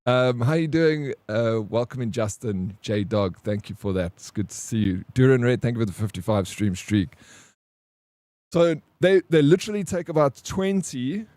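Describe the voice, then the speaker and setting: A male streamer chats loosely with his viewers and tells a story in a slangy, profane, easygoing way. His voice sits in a middle pitch and sounds dry and close, with no room around it. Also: expressive, moderate pace, darkish tone, no room sound. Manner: loose, slangy, swears, says "bro" often. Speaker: livestreamer. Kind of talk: casual storytelling while greeting chat.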